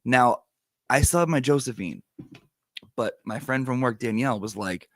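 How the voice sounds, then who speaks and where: A man's voice: mid-range voice, moderate pace, fairly bright tone, no echo, studio quality. A man casually commenting on clips, chatty and explaining to viewers.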